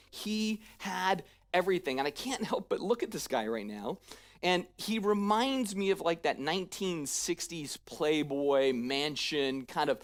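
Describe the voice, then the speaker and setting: A pastor preaching a sermon in a church, talking conversationally, often checking in with "right?", and acting out paraphrased lines in a lively, casual voice. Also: mid-range voice, a little slow.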